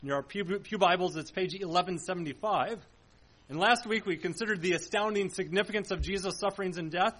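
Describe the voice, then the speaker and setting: Guy preaching in church, high voice, earnest, keeps asking the congregation questions. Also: brisk, a bit bright, low-quality recording. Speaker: pastor. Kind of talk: sermon. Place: church sanctuary.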